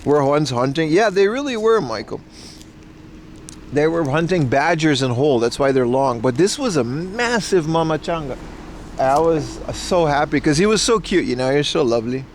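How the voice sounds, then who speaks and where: A man's voice: fairly high pitch, lively intonation, moderate pace, a little hiss or hum. A man live-streaming on a nature hike, chatting to his viewers in a rambling, laid-back way and swearing freely. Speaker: livestreamer. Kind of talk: casual live-stream chat.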